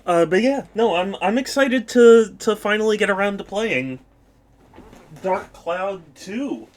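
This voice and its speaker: Male game streamer, high voice, relaxed slow delivery, playful chatter with chat. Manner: playful and chatty, laughs often, talks to viewers by name. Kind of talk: casual live-stream chat.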